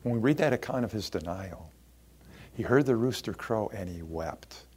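A man preaching a sermon, expressive and acting out the people he quotes. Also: fairly low pitch, moderate pace, husky. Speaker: pastor.

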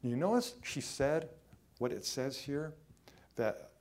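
A man preaching a sermon, emphatic, swinging between loud lines and hushed ones, drawing some phrases out. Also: mid-range voice, lively intonation, takes it slowly. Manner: acts out quoted voices in his own voice.

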